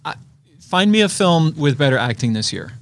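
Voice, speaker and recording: Male co-host, casual film chat, opinionated, slightly higher voice. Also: normal speed, no room sound. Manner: opinionated, animated storyteller.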